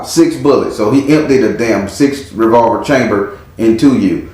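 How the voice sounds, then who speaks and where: In a very echoey room, a tarot reader gives a casual past-life reading in a mid-range, slightly slow voice. He's blunt and profane, bringing the story to life with sound effects.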